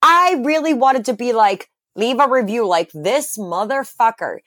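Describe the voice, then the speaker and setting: A woman's voice: on the high side, animated, normal speed, sharp tone, no echo, clean studio sound. A young woman co-hosting a podcast, telling a story in casual, profane chat. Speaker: podcast co-host.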